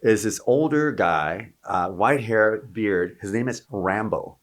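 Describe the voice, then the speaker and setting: A man's voice: on the low side, slow. A middle-aged man, a Marine veteran, telling long anecdotes in a casual, rambling way with many restarts. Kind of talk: casual storytelling.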